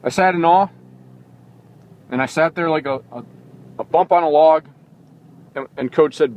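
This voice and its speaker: A man's voice: fairly high pitch, normal speed, long pauses. A man hosting a sports talk show, giving an impassioned opinion monologue full of indignant rhetorical questions, recorded in a vehicle.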